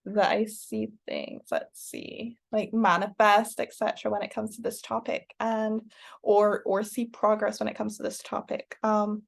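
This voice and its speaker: Woman, online course teacher, casual rambling lesson, slightly high voice, gravelly fry, many fillers. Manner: rambling, many fillers and restarts, bursts of excited cheering.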